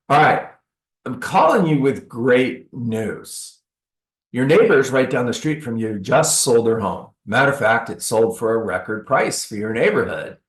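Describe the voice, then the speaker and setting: In an echoey training room, a man with a medium-pitched voice coaches a seminar crowd on real estate. He's animated, performing sales calls for the audience and slipping in sarcastic remarks.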